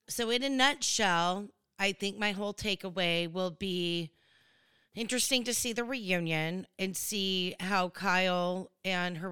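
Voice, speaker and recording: A woman's voice: on the low side, sharp tone, smooth, no echo. A woman hosting a reality-show recap, chatting casually in a gossipy, digressive way. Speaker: recap host.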